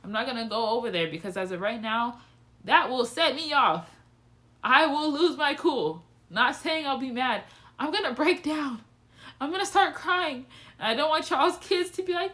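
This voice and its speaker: Bright-voiced young woman vlogging candidly. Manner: animated and candid, with frequent swearing and lively pitch swings. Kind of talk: casual personal storytelling to camera.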